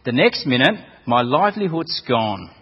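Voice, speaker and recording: A man's voice: mid-range voice, big pitch swings, moderate pace, slightly rough. A man voicing a cheeky male ex-leper beggar who complains about losing his trade, wheedling and aggrieved. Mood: grumbling. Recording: dull echoey hall recording.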